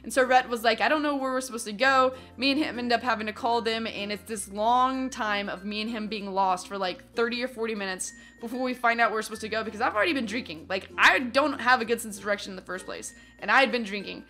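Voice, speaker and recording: A young adult woman telling a story from her teens in a casual vlog, animated and acting out what other people said. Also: a little high, fast talker, hardly any pauses, faint music behind. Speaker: vlogger.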